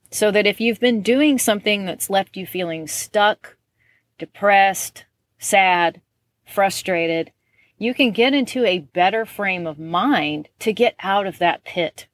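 Woman, solo podcast talk, chatty, laughs often, mid-pitched voice, dry room. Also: no echo. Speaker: podcast host.

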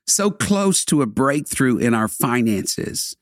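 A man delivering a devotional sermon, preaching in rhythmic, building repetitions with dramatic pauses. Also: medium pitch, sing-song, no echo, studio quality.

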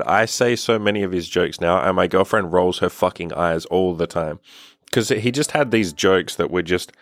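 A young man with a lowish voice tells stories straight to camera, swearing freely and laughing through the telling. The sound is dry and close, with no room around it. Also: dry recording. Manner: sweary, laughing, animated storytelling. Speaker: dating coach and vlogger. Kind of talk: casual storytelling to camera.

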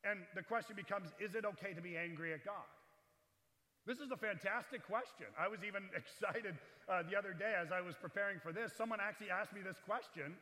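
A man preaching a sermon as pastor in a chapel, animated, swinging between loud and hushed delivery. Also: high-pitched, brisk, in a large hall. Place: large echoey chapel.

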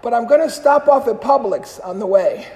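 A man voicing a cheerful older priest who calls back loudly with a deadpan joke, in an echoey hall. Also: very high voice, moderate pace, a little hiss or hum. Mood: joking.

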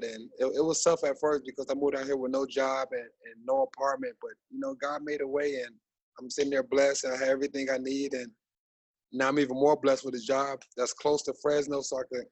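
A man in his thirties, a basketball coach guest on a podcast, talking in an animated, rambling way with many fillers. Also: medium pitch, husky, no echo, rough recording. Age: 30s. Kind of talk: casual podcast interview.

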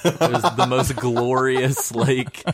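A man's voice: mid-range voice, fairly even intonation, slow pace, crowd noise. A man co-hosting a podcast in casual chat, joking around and laughing often. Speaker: podcast co-host.

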